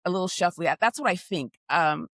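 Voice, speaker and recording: A woman's voice: lowish voice, animated, a bit bright, no echo, studio quality. Talkative woman, insistent podcast co-host. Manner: talkative and insistent, with quick restarts. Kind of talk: casual chat.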